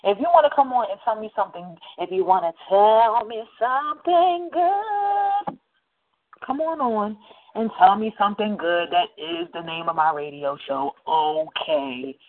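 A woman hosting her radio show, telling a story in a loose, slangy, animated way. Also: fairly low pitch, fairly quick, phone-quality sound. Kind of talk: casual monologue. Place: New Jersey.

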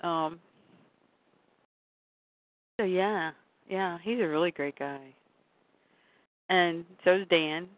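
A woman's voice: lowish voice, slow pace, long pauses, dry recording. A woman co-hosting a casual chat about comics, talking loosely, laughing often and acting out quotes. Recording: tinny phone-like line.

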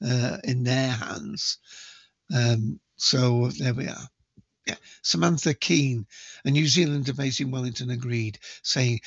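A man's voice: medium pitch, creaky, a bit bright, slightly rough, dry recording, muffled recording. A man hosting a podcast, reading news items aloud and commenting in a casual, hesitant way with frequent ums and restarts.

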